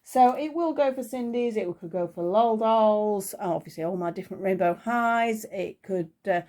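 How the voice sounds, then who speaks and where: A woman's voice: medium pitch, normal speed. A woman from the UK chatting as she unboxes and reviews doll accessories, thinking aloud as she goes, with a voice she says is going. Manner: chatty, thinking aloud, small excited gasps. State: losing her voice. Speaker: toy unboxing vlogger.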